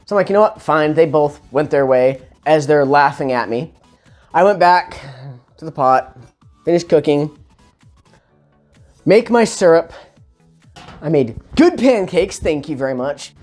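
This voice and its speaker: A man telling a funny personal story in a casual, animated, self-mocking way, with sarcastic asides. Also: a little high, measured pace, pauses often, faint music behind.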